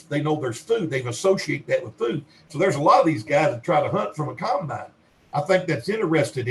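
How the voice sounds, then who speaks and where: A man with a Western Kentucky drawl and a slightly raised pitch rambles through podcast stories in a folksy way. He is middle-aged and quotes the people he talks about in their own words. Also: low-quality recording. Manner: folksy rambling storyteller, acts out quoted dialogue. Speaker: Bigfoot researcher guest. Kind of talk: podcast interview storytelling.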